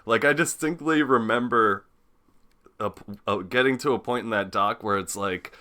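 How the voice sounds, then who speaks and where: A man's voice: on the low side, moderate pace, sharp tone. A man co-hosting a casual podcast, easygoing and laughing often between remarks. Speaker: podcast co-host. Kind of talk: casual chat.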